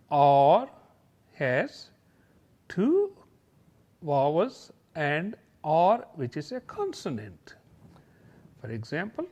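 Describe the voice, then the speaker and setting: Slow, sing-song male teacher. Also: a little high, a little mellow. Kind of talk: slideshow lesson for young children.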